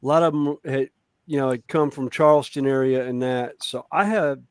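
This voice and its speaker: A man's voice: mid-range voice, moderate pace, clear, resonant tone, dry recording. A middle-aged man with a light Southern accent, telling stories in a laid-back casual chat. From born near Chicago, raised in the Carolinas.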